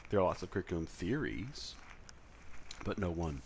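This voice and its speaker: A man's voice: low voice, very animated, moderate pace, slight background noise. A man lecturing in a conversational way, with frequent fillers and self-corrections. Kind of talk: recorded lecture.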